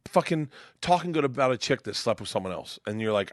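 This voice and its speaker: A middle-aged man from Florida, a comedian guest telling animated, profane stories and acting out quotes loudly. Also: mid-range voice, fast, dry recording, studio quality. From Tampa, Florida. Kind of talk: casual storytelling chat.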